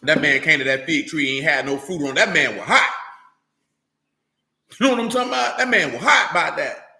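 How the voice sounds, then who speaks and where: A man's voice: a little high, expressive, fairly quick, gravelly, bright, forceful tone, roomy sound. A man giving an informal, streetwise sermon as a religious teacher, blunt and emphatic, full of slang.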